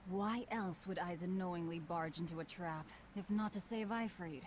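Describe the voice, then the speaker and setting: A woman's voice: fairly low pitch, normal speed, background noise, close to an everyday voice. An actress voicing a grim, hardened young demon woman from a game, who talks bluntly and dryly. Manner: blunt, dry, curt. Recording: game audio with faint music.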